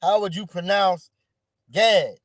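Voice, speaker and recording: A man's voice: high-pitched, slow, dry recording, clean studio sound. A man teaching an online class over a video call, encouraging his students and often repeating words.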